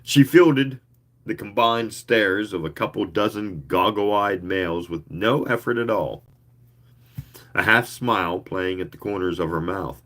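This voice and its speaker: Guy reading a story out loud, slow and lowish, really expressive, throws in side comments. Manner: leisurely, expressive reading with asides. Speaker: reader.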